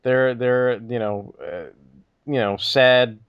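A man hosting a podcast, wrapping up the discussion in a halting way with many restarts and fillers. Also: mid-range voice, steady tone, clear, resonant tone, lo-fi sound. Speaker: podcast host. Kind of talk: casual chat.

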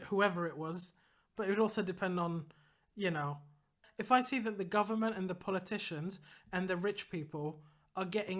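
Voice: medium pitch, a bit bright. A podcast co-host from Britain, making a rousing, worked-up speech in casual chat and swearing freely.

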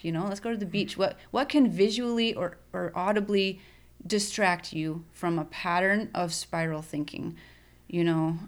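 A woman who trains horses, speaking earnestly and thoughtfully in a casual conversation, pausing often. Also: lowish voice. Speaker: podcast guest.

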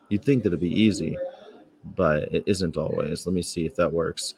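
A man's voice: deep voice, level tone, normal speed, darkish tone. A man chatting casually on a livestream, telling rambling stories with fillers and short laughs, outdoors on a campus. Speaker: vegan activist livestreamer. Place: outdoors on a campus, beside his truck. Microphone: phone or camera.

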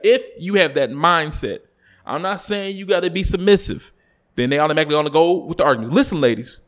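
Animated man ranting on a podcast. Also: fairly high pitch, fast talker. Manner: animated, rises to loud ranting when worked up. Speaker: podcast co-host. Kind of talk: casual podcast chat.

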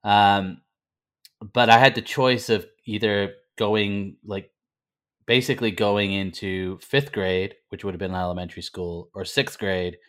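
A man's voice: on the low side, steady tone, a little slow, fairly bright tone. A man from the north of England, now speaking with an American accent, telling his story as an interview guest with many fillers and restarts. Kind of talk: conversational interview.

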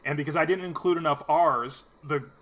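A man's voice: a little high, brisk, a bit bright. A man in casual podcast chat, bluntly critical and full of fillers.

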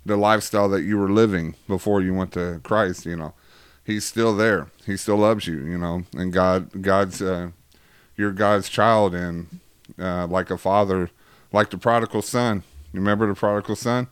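A low, smooth-voiced man hosting a casual faith chat. He rambles and jokes, packing his talk with fillers, and the sound is dry and close. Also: steady tone, moderate pace, dry recording. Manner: rambling, jokey, many fillers. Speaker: host.

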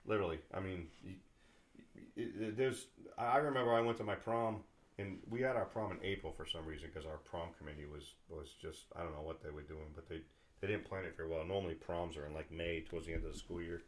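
A middle-aged man with a light Boston-area accent and a somewhat low voice. He hosts a podcast in loose, chatty talk. He circles his point with fillers and restarts. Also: steady tone, quick pace. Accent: New England, Boston area. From New England. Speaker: podcast host. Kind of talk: casual chat.

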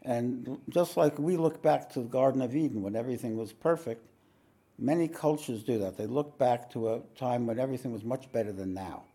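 Speaking fairly quickly in a dark, mid-range voice, a man who is a spiritual teacher tells a meditation audience a story. He rambles, keeps clearing his throat and leans on fillers.

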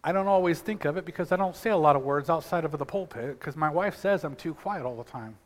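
A male pastor with a notably high voice preaches to his church, chatty and loose, stumbling over repeated words as he goes. His sermon rings through a large sanctuary with a long, lingering reverb. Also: fast. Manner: conversational preaching with frequent restarts and repeated words; calls out to the congregation for responses.

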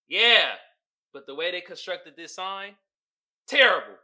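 A man hosting his own podcast in casual solo chat, slangy and animated, laughing often. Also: sits high, normal speed. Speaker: podcast host.

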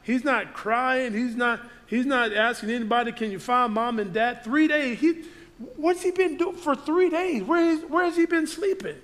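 A man's voice: extremely high pitch, normal speed, a bit bright. A man preaching to his congregation, reading scripture aloud and riffing on it with frequent restarts. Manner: reads scripture aloud and riffs on it, with many restarts. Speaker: pastor. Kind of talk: sermon.

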